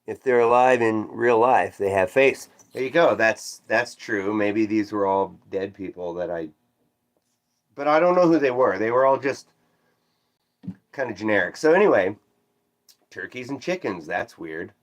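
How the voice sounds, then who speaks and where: A man livestreaming, casually recounting a strange dream and reading chat, with animated swoops up when quoting himself and self-deprecating asides. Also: on the low side, a little slow. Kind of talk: casual rambling storytelling, reading chat aloud.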